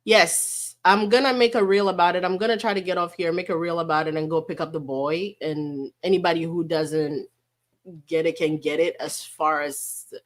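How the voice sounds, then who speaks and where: A woman's voice: fairly low pitch, steady tone, moderate pace. A woman talking straight to her viewers in a loose, casual livestream. She is chatty and blunt, curses without a second thought, and slips Spanish terms of affection into her thanks. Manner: chatty, blunt, swears freely, mixes in Spanish endearments.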